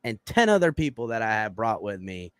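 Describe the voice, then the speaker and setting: A man's voice: fairly low pitch, very animated, brisk, a bit bright, clean tone, no echo, studio quality. A man telling a long story in casual podcast chat, profane and full of fillers, acting out quoted lines in a raised voice.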